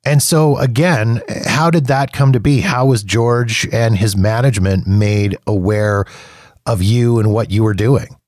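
A man hosting a book podcast, asking calm, prepared questions of his guest. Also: lowish voice, measured pace, no echo, clean studio sound. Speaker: podcast host, interviewer. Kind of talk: interview questions.

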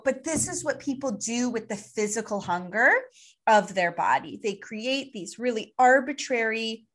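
A woman co-hosting a podcast, explaining eating habits through lively, playful analogies in a casual chat. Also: fairly high pitch. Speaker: podcast co-host, nutrition expert.

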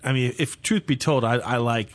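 A man's voice: mid-range voice, normal speed, no echo. An older man chatting casually as co-host, dropping dry, wry remarks. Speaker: podcast co-host. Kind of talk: casual chat.

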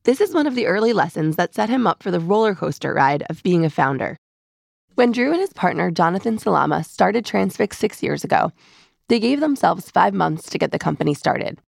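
A woman narrates a business podcast in a measured, scripted way. Her voice carries a heavy creak and sounds dry and close to the mic. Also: lowish voice, big pitch swings, dry recording. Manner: measured, polished delivery.

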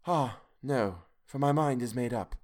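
A man's voice: mid-range voice, unhurried, lightly acted. A man reading aloud as a brave, sorrowful young woman who speaks with earnest resolve.

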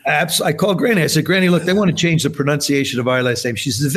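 Speaking fast with a voice on the high side, a New Jersey man in his seventies guests on a podcast. He chats casually and tells animated stories, imitating the people whose words he quotes.

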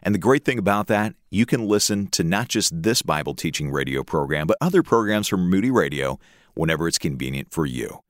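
A male radio program host giving a steady announcement between parts of a sermon. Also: deep voice, brisk, dry recording, studio quality.

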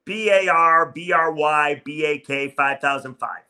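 A man's voice: fairly high pitch, a little slow, pushed and bright. A man hosting a solo sports podcast, reading listener comments in a wry, self-mocking way.

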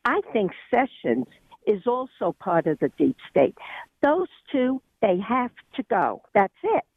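A woman's voice: a little high, very animated, measured pace, husky, no room sound. A middle-aged woman with a New York accent calling in to a radio show, chatty and aggravated. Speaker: radio caller. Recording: tinny phone line.

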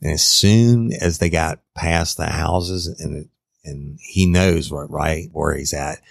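A man's voice: a bass voice, fairly even intonation, takes it slowly, creaky, no echo, studio quality. A man telling a true crime story in a casual, conversational way, addressing his listeners directly.

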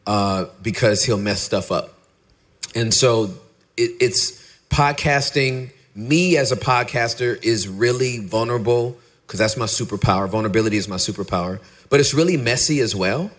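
A middle-aged man, a pastor and podcaster, talking candidly in an interview and acting out his stories with lively dialogue. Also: moderate pace. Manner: animated storyteller, acts out dialogue in a high voice.

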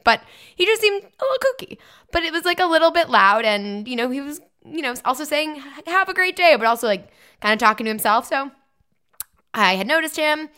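Bright-voiced chatty woman. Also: fairly high pitch, smooth. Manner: rambling, lots of fillers and laughs. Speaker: podcast co-host. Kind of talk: casual chat, storytelling.

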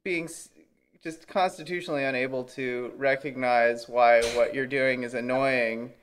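A man's voice: medium pitch, fairly even intonation, a little slow, fairly bright tone, a little hiss or hum. A man chatting casually with his sister, hesitant and self-deprecating, often repeating his words as he restarts. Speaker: older brother, guest. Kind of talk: casual chat.

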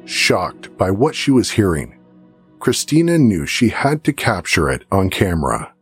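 Low-voiced man narrating true crime. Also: very animated, a little slow, breathy edge, soft background music.

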